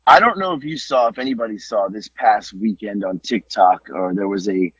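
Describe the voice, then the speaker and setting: A man co-hosting a casual podcast, telling stories with lively exclamations and some swearing. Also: lowish voice, normal speed, slightly rough, no room sound. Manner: animated storytelling, swearing, exclamations. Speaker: podcast co-host. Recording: dull lo-fi dry podcast audio.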